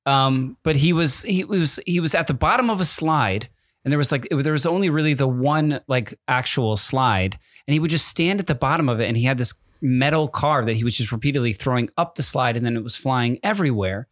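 A man's voice: mid-range voice, fairly quick, fairly bright tone, dry recording, studio quality. A man in his thirties, a podcast co-host, chatting casually and telling a rambling story with many self-corrections. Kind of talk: casual chat.

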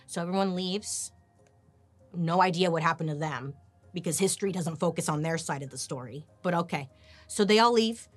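A woman's voice: lowish voice, moderate pace, faint music behind. A woman hosting a podcast, telling history in a sarcastic, casual way and swearing freely. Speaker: podcast host. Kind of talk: casual storytelling chat.

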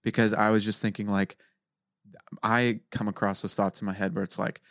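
A man's voice: on the low side, flat delivery, normal speed, vocal fry, a bit bright, no room sound, clean studio sound. A man in casual family chat on a podcast, joking and telling anecdotes. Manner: jokey, tells anecdotes. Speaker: podcast co-host.

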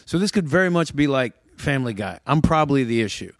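A man, a comedy producer and comedian, in casual podcast chat, telling animated stories with a lot of swearing. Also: mid-range voice, fast talker, dry recording, clean studio sound. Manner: profane, animated storyteller.

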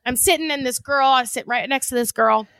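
Woman, podcast co-host, high voice, animated storytelling, casual swearing, dry close sound. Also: brisk, no echo. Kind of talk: casual chat.

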